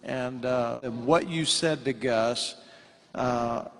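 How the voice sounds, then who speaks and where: A man's voice: medium pitch, slow pace, fairly bright tone. A man with a mid-range voice leads an onstage interview, prompting his guest in an easygoing way. A long reverb from a large hall trails his voice.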